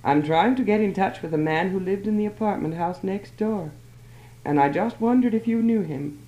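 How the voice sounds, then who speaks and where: A woman's voice: medium pitch, normal speed, mellow, muffled recording, pitched above the performer's own voice, close to an everyday voice. A woman voicing an anxious young woman searching for her missing fiancé, pleading and urgent. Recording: roomy old archive recording.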